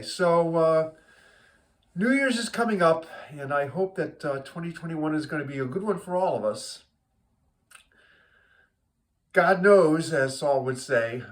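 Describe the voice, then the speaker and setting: An easygoing man tells a long shaggy-dog joke at an unhurried pace. His delivery is loose and rambling, with plenty of fillers and restarts. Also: on the high side. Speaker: joke teller. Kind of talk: told joke, casual storytelling.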